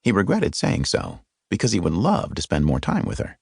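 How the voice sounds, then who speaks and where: Male audiobook narrator, expressive and wry, low gravelly voice with lively intonation; close dry studio sound. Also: normal speed, dry recording. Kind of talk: scripted narration. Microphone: close studio mic.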